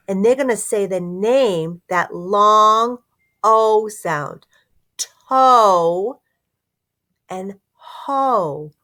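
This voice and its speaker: A woman teaching phonics to young children, sounding out words slowly and encouraging them, sometimes dropping to a whisper. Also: mid-range voice, a bit bright.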